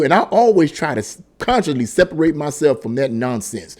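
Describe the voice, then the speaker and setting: Emphatic, rambling man with a higher voice. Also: sing-song, brisk, few pauses, a little mellow. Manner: rambling, emphatic, many restarts and repeated words. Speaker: political commentary vlogger. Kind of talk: casual opinion monologue.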